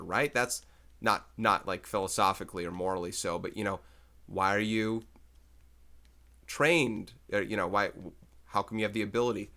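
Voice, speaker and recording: A man's voice: on the low side, steady tone, normal speed, bright, forceful tone. A man teaching math in a recorded lecture, chatting and thinking aloud as he works through problems.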